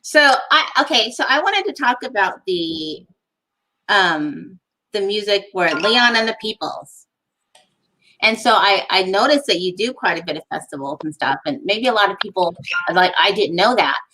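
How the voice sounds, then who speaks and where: A woman's voice: mid-range voice, animated, normal speed, pushed and bright, slight background noise, rough recording. A woman hosting an interview, asking loosely phrased, conversational questions with fillers. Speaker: interview host. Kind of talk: casual interview chat.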